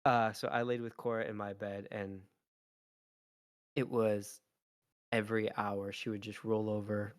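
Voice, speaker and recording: Low voice dad podcast host, rambly, lots of ums, dry sound. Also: male voice, little pitch movement, a little slow, pauses often, no echo. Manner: rambling storyteller, many fillers. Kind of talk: casual chat.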